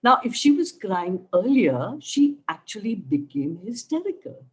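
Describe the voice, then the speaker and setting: A woman's voice: medium pitch, a little slow, husky, rough recording. A middle-aged woman with an Indian English accent, giving an emphatic motivational talk as a cancer survivor and acting out the dialogue of her story. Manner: animated, acts out dialogue, emphatic. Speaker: cancer survivor guest speaker.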